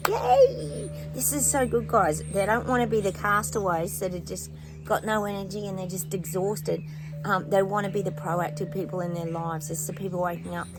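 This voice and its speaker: A woman's voice: lowish voice, poor audio. A woman hosting a psychic channel, chatting casually to her viewers with fillers and rambling asides. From New Zealand. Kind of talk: casual spoken predictions to viewers. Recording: music playing behind.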